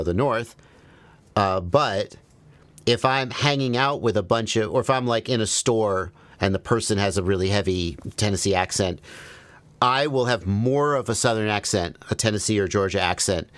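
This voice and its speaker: Casting: low-voiced American man, relaxed stream host, dry close mic, lively storyteller. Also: moderate pace, dry recording. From American South. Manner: animated storyteller, jumps high on quoted asides. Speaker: livestream host. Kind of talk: casual livestream chat.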